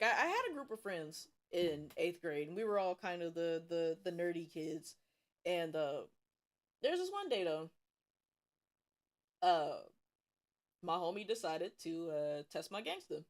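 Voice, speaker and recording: A young woman from Cincinnati, streaming while she draws, tells school stories in a casual, profane, animated way with bursts of laughter. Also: lowish voice, takes it slowly, long pauses. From Cincinnati, USA. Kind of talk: casual storytelling while drawing.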